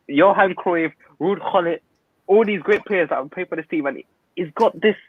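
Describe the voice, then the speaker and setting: A young man rants loudly about football, all hot takes and quick asides. His voice sits a little high. It comes through a tinny, dry phone-like line. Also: breathy edge, no echo. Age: young adult. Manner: loud, ranting, opinionated, quick asides. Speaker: guest pundit. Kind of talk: heated football banter.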